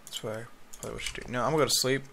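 Sleepy-sounding guy rambling over his minecraft game, gravelly voice, keyboard clicking and noise in the background. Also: mid-range voice, fairly even intonation, rapid-fire, sharp tone. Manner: rambling, yawning, muttering to himself. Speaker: gaming YouTuber. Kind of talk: casual Minecraft commentary. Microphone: headphones with a mic. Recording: noisy home recording with keyboard clicks. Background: keyboard typing and clicks.

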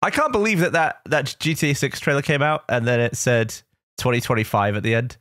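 A man of middle pitch chatting on a podcast, recorded close and dry. He trades wry remarks and laughs easily. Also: fairly quick, fairly bright tone, no echo. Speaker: podcast co-host. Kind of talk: casual chat.

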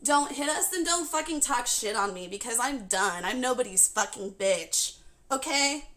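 A woman's voice: fairly high pitch, lively intonation, normal speed, sharp tone. A woman live streamer in a heated, profane rant aimed at her chat, cutting and blunt.

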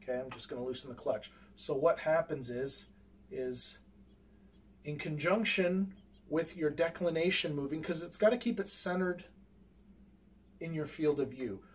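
A man with a slightly high voice, speaking at normal speed, demonstrates his telescope equipment off the cuff. He hesitates and rambles, using lots of fillers and starting over as he handles the gear, captured by a far-off mic with faint background noise.

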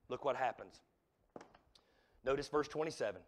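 A man preaching a revival sermon in a church, swinging from loud exhortation to hushed, near-whispered lines. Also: on the high side, expressive, normal speed. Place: church sanctuary.

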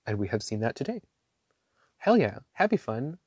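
A man gushing over ink swatches in a casual vlog, excitable and quick to laugh. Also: medium pitch, breathy edge, no room sound. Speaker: ink reviewer. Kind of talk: casual show-and-tell vlog. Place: small home room.

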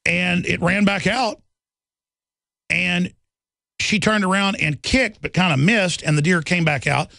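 A man's voice: high-pitched, unhurried, pauses often, bright, forceful tone, no echo. A middle-aged man hosting a radio talk show, delivering an indignant, rambling monologue full of repeated words and restarts.

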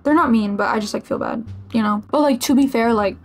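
A woman's voice: a little high, brisk, faint music behind. A 21-year-old woman from Massachusetts, a streamer answering viewer questions in a casual vlog, chatty and playfully self-mocking. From Massachusetts, USA.

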